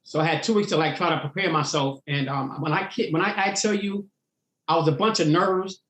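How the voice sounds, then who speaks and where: A man's voice: fairly high pitch, fairly quick, roomy sound. A man, a stand-up comedian, telling stories from his career in an interview, acting out the voices of people in them. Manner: animated storyteller acting out voices. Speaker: comedian guest. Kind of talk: storytelling interview.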